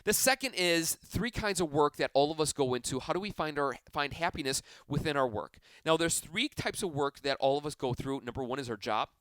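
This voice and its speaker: A man's voice: on the high side, brisk, few pauses, no echo. A man hosting a self-help podcast, talking energetically and casually, stretching key phrases for emphasis. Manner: energetic, enthusiastic, conversational. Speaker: podcast host.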